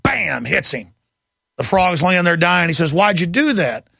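A man's voice: sits high, big pitch swings, unhurried, creaky, sharp tone, breathy edge, no echo. A middle-aged man hosting a talk radio show, ranting fervently in a rising, impassioned monologue.

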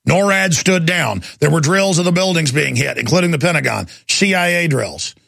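Gravelly ranting radio host man. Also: on the high side, animated, normal speed, a bit bright. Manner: ranting, emphatic, repeats key words. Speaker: radio talk show host. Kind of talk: talk radio monologue.

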